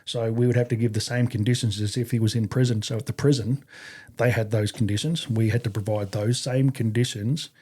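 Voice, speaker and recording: A mid-range, dark voice with a breathy edge comes from an Australian army veteran in his fifties, speaking as an interview guest. He talks a little fast with fairly even intonation, telling stories casually with rambling, fillers, and offhand swearing.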